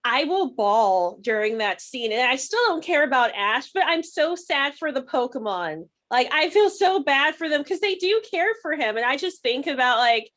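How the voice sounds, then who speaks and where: A woman's voice: sits high, big pitch swings, moderate pace, hardly any pauses, fairly bright tone. A young woman co-hosting a podcast, chatting candidly and rambling, often laughing. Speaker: podcast co-host. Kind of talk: casual chat.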